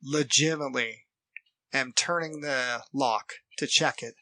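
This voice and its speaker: A man's voice: medium pitch, no echo. A man co-hosting a casual podcast, talking earnestly about his own experience and acting out the people he quotes. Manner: earnest, acts out quoted people, fast shifts in loudness. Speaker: podcast co-host.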